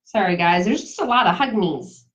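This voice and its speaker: A woman's voice: medium pitch, expressive, moderate pace. Chatty woman demonstrating a craft. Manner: chatty, laughs easily, talks to viewers. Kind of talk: casual live craft demonstration. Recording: dull lo-fi sound.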